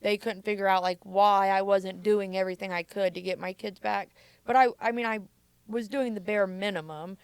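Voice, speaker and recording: A podcast guest who is a mother tells personal stories from her past, openly and casually, saying "like" again and again. The dry recording captures a medium-pitched, clear, resonant voice with fairly even intonation at a moderate pace.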